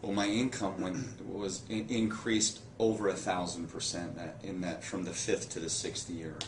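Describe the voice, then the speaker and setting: A man's voice: low-pitched, little pitch movement, normal speed. Earnest man telling his story, roomy echo. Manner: earnest, laughs while telling stories. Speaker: interview guest, network marketer. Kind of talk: conversational interview. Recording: roomy echo, somewhat distant mic, faint background noise.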